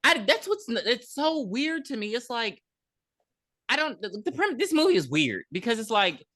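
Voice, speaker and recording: A co-host on a casual movie recap podcast who talks expressively and swears freely, jumping into quick character voices. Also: mid-range voice, big pitch swings, fairly bright tone, no echo.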